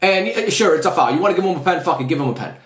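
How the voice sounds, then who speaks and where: Fast-talking frustrated man ranting. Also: fairly high pitch, expressive, echoey room. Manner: frustrated, profane, repeats himself. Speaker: football fan reviewer. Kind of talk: ranting post-match review.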